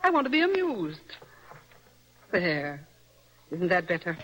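An actress playing a poised, motherly young wife in an old-style radio drama, gently teasing but firmly in charge. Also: fairly low pitch, huge pitch swings, slow, exaggerated voice, poor audio.

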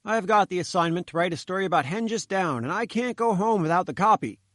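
A man's voice: high-pitched, expressive, fast talker, a bit bright, no room sound, studio quality, voice pushed up. A man putting on a bleating, sputtering little journalist. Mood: pleading. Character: fat little pushy male journalist.

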